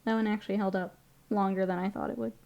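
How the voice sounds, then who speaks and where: A woman's voice: medium pitch, level tone, fast talker, creaky, highs cut off. A young woman streaming her miniature painting, chatting casually, reading chat aloud and laughing often.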